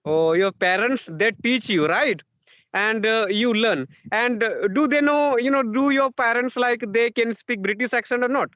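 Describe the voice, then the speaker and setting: A man's voice: extremely high pitch, moderate pace, no room sound, highs cut off. A man interviewing in casual conversation practice, repeating himself and filling gaps with "you know" and "yes, yes".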